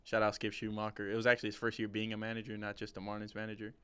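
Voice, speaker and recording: A young man with a low, fairly monotone voice talks sports with a friend, rambling and restarting with enthusiasm. His voice is smooth and clear, and the recording is dry and close. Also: racing, dry recording. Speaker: podcast co-host. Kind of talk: casual sports chat.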